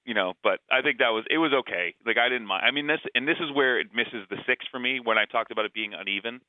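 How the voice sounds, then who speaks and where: A man co-hosting a film podcast, talking fast in a rambling, opinionated way. His voice comes through thin and narrow, like a phone line. It sounds dry, without room echo. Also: medium pitch. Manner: rambling, opinionated, full of fillers. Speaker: podcast co-host. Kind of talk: casual movie discussion.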